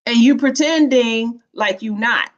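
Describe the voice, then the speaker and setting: A woman's voice: a little high, unhurried. A woman, giving a spiritual teaching talk in a playful, preachy, colloquial way. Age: 50s. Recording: dull lo-fi recording.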